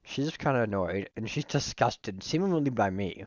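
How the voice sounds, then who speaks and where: Excitable man streaming a game. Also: fairly low pitch, normal speed, no echo, highs cut off. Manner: excitable, swearing, bursts of laughter. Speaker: streamer playing a visual novel. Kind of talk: casual game commentary.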